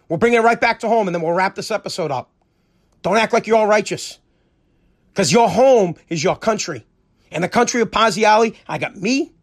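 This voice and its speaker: A man's voice: sits high, a bit bright. An American man hosting a podcast, delivering a heated, profane, combative rant on his own. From United States. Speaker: podcast host.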